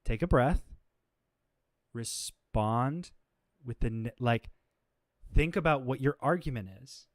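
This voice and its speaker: A man's voice: medium pitch, slow pace, pauses often, no echo, clean studio sound. A man hosting a livestream, talking off the cuff in an exasperated, confrontational way, saying he is exhausted, with lots of fillers and restarts. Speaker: livestream host. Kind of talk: unscripted livestream rant.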